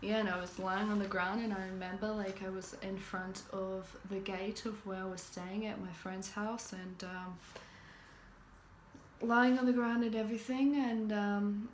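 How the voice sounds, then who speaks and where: A young woman from New Zealand tells a personal story in a loose, rambling way, full of fillers and restarts. Her voice sits at a medium pitch. The sound reflects off the walls of the room she is in, with a faint hum in the background. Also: little pitch movement, a little slow. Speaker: vlogger. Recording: roomy echoey room.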